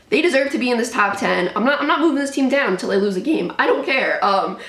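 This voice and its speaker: Chatty woman hosting sports rankings. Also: a little high. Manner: chatty, opinionated, many fillers. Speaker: sports show host. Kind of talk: casual sports commentary. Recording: roomy echo.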